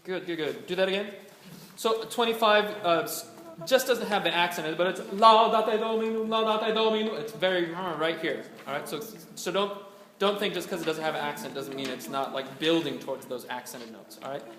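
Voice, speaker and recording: A man's voice: on the high side, a bit bright. Man directing a choir rehearsal. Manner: brisk, counts in, sings lines to demonstrate. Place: rehearsal room. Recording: echoey room with choir singing.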